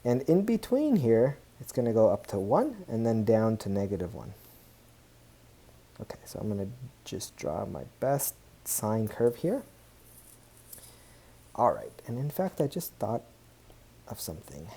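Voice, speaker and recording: A man's voice: lowish voice, sing-song, measured pace, long pauses, warm tone, slightly rough. A man teaching a math lesson over a tablet screen recording, chatting as he works, correcting himself and cheering when things go right. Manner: chatty, self-correcting, upbeat exclamations.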